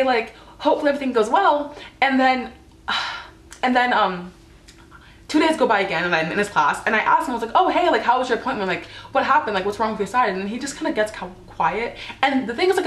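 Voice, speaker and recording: On the higher side and a little bright, a teenage girl's voice echoes around the room as she vlogs embarrassing stories to camera. She's casual and chatty, leaning on "like" and dramatizing quoted lines.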